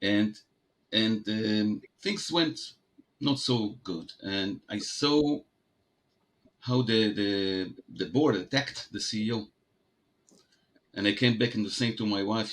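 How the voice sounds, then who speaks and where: A man from Israel with an Israeli accent, a guest entrepreneur telling stories in an interview, often restarting his sentences. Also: on the low side. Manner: halting, many restarts and fillers. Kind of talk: conversational interview.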